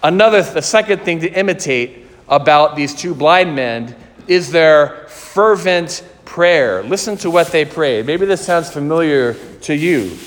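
A man's voice: a little high, expressive. Male preacher, earnest sermon delivery, long church-hall reverb. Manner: slow, earnest, questioning delivery.

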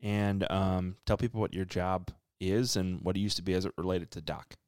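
Guy interviewing, low-ish resonant voice, dry close sound, easy laughs. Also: fairly even intonation, normal speed, a little mellow, clear, resonant tone, no room sound. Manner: friendly, brief prompts, laughs easily. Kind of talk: casual interview.

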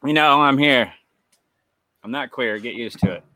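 A man's voice: mid-range voice, moderate pace, pushed and bright. A man co-hosting a horror podcast, chatting casually with wry, profane jokes. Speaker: podcast co-host. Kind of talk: casual chat.

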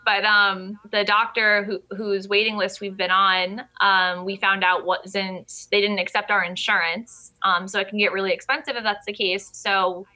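A woman's voice: mid-range voice, flat delivery, normal speed, few pauses, pushed and bright, poor audio. A young woman from New Jersey chatting casually as an interview guest, telling stories animatedly with lots of fillers. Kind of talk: casual chat.

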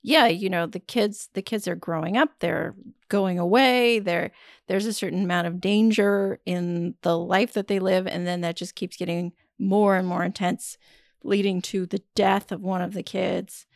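A woman's voice: mid-range voice, fairly even intonation, normal speed, vocal fry, dry recording, clean studio sound. A woman co-hosting a podcast, reviewing a film in casual chat and laughing often.

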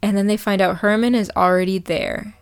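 A woman co-hosting a podcast, recapping a cartoon in animated, casual chat full of swearing and acted-out quotes. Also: medium pitch, a little fast, clear, resonant tone. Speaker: podcast co-host.

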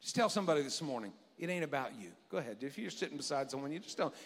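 High, bright-voiced preacher man. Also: animated, brisk, in a large hall. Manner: emphatic preaching, rising to shouts, chuckles often. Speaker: pastor. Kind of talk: sermon. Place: church sanctuary.

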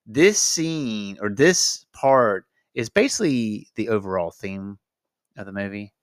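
A man hosting a casual movie discussion, who talks in a playful, rambling, animated way. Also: lowish voice, a little slow, no room sound, clean studio sound. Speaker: podcast host.

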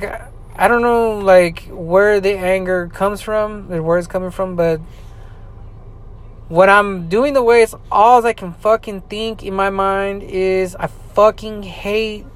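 A man with a high-pitched voice vents on a podcast in an angry personal monologue. He swears constantly and rants, repeating himself between halting fillers.

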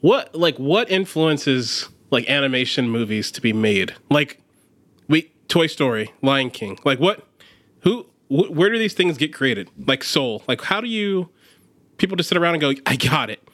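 An animated man co-hosting a casual chat, piling up restarts as he asks long questions. His pitch runs fairly high and moves a lot. He talks with loose, excited energy. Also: measured pace.

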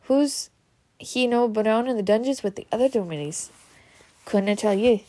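A woman's voice: a little high, normal speed, dark tone, lightly acted. A woman reading the lines of a nervous young boy sidekick in a jumpy way.

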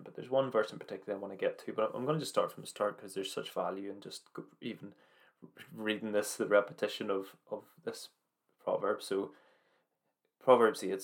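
Earnest low gravelly man preaching. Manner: earnest, halting, with frequent restarts and slow emphatic phrases. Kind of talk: informal devotional teaching with scripture reading.

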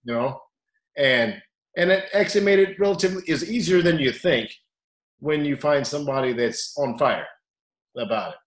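Animated wrestling coach in a roomy echo. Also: male voice, a little high, normal speed. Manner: animated storyteller, acts out quotes loudly. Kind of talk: storytelling interview.

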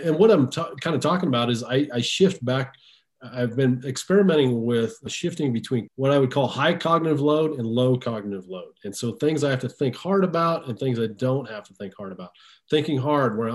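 A man hosts a podcast in easygoing chat. He speaks at a middle pitch and often restarts and repeats words as he works out his thoughts. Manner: conversational, repeats words while thinking aloud. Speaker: podcast host.

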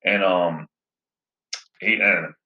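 Deep-voiced man rambling through a movie recap. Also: fairly even intonation, extremely slow. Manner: rambling, heavy with fillers. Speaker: movie reviewer. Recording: roomy, slightly dull sound.

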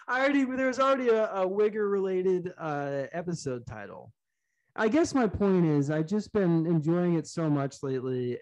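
A man's voice: on the high side, a little mellow. A young man co-hosting a casual comedy podcast, rambling through crude jokes, swearing often and laughing at his own lines. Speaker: podcast co-host.

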